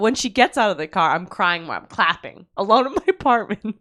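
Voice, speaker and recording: A woman's voice: mid-range voice, very animated, moderate pace, fairly bright tone, no echo, clean studio sound. A woman co-hosting a comedy podcast, telling a story animatedly and laughing often, acting out quotes. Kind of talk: comic storytelling. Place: apartment.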